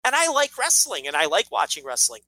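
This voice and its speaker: A man's voice: on the high side, huge pitch swings, a little fast, bright, forceful tone, slight background noise, poor audio. A man co-hosting a casual podcast, opinionated and ranting, swearing freely as he makes his case. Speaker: podcast co-host.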